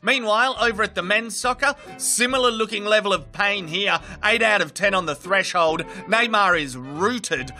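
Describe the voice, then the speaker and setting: A man's voice: high voice, moderate pace, few pauses, bright, forceful tone, faint music behind. Cheeky, sweary Australian voiceover man. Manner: cheeky, sweary, mock-dramatic. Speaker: comedy voiceover narrator. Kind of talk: comic nature-documentary voiceover.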